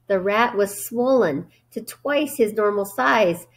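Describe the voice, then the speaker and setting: Female teacher, storybook read-aloud, gentle and steady. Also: mid-range voice, slow pace.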